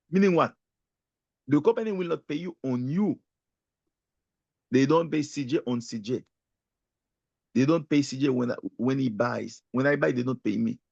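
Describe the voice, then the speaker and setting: A man giving a motivational sales talk as a guest speaker, telling his story in an emphatic, animated way and often turning to the host by name. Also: on the high side, gravelly, no room sound. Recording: dull lo-fi audio.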